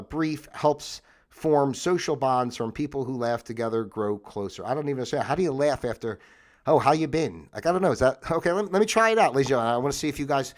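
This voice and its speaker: Rambling, jokey middle-aged man on a livestream. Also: mid-range voice. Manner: rambling, jokey, self-interrupting. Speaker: livestream host. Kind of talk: casual livestream chat reading facts. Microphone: phone.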